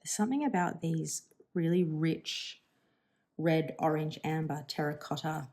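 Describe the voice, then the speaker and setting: A woman's voice: low voice, measured pace, a little mellow. A woman in her thirties chatting casually and thinking aloud while swatching inks for her channel, musing and self-deprecating. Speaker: stationery vlogger.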